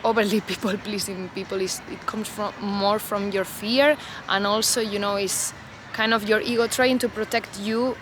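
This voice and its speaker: Woman, unscripted to-camera talk, loose reflective rambling, outdoors, clear passing-vehicle noise. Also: mid-range voice, fairly even intonation, moderate pace, few pauses. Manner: reflective, loose, heavy on "you know" and "like" fillers. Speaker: vlogger.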